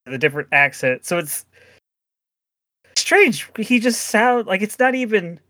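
A man's voice: sits high, sing-song, unhurried, pushed and bright, dry recording. A man chatting casually as a podcast co-host, rambling with many restarts and frequent laughs. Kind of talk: casual chat.

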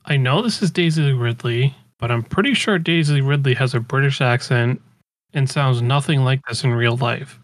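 A man chatting casually as a podcast co-host, talking in quick bursts and correcting himself. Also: medium pitch. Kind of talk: casual chat.

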